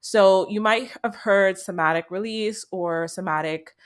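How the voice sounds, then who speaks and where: A young adult woman hosting a self-help podcast, talking in a gentle, soothing, unhurried way. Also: mid-range voice, clean tone. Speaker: podcast host.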